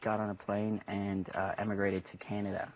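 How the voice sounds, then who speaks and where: A man from Ireland chatting casually as an interview guest, relaxed and rambling with many restarts. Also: lowish voice, fairly quick, recorded from a distance. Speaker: actor guest. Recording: dull lo-fi recording.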